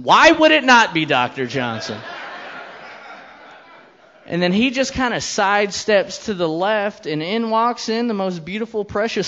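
A man's voice: sits high, fairly bright tone, dull audio. A man in his thirties doing a stand-up comedy set, telling a crude story with brash, profane delivery and quoted voices.

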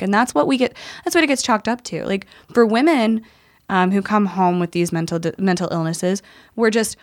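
Woman veteran, 30s, candid podcast guest, profane and animated storyteller. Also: mid-range voice, brisk.

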